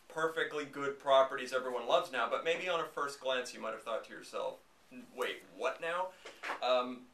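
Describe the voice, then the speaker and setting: Man, casual snarky host, rambling, bright tone, roomy echo, faint hiss. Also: mid-range voice, distant mic. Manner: wry, rambling, snarky, many fillers. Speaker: podcast host. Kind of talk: casual chat. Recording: echoey room, off-mic, faint noise.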